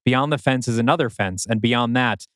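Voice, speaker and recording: A man reading scripted narration for an audio drama in a measured, wry manner. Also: mid-range voice, a bit bright, dry recording, clean studio sound.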